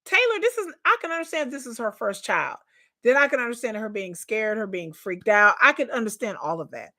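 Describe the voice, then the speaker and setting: Lady reacting to a reality show, high voice, laughs a lot, talks slow and colloquial. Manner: animated, incredulous, laughs often; drawling colloquial speech. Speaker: reaction commentator. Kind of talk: casual commentary on a reality show.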